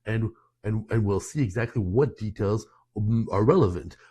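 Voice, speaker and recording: A man's voice: on the low side, normal speed, mellow, breathy edge. A man teaching French for workplace exams, talking to learners in a persuasive, conversational way and dropping French terms into his English. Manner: frequent restarts and asides. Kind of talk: online lesson talk.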